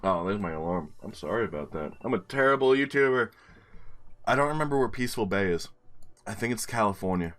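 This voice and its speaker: A man in his twenties doing casual gameplay commentary as a streamer, telling a story in an animated way with casual swearing. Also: lowish voice, a little fast, a little hiss or hum. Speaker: game streamer.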